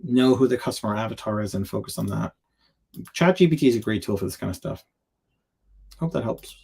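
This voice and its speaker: Hosting a live show, this man reads viewers' product listings aloud in fragments and offers candid, chatty feedback, adding asides and jokes. His voice is lowish, expressive, slightly mellow and husky, with vocal fry and a somewhat fast pace.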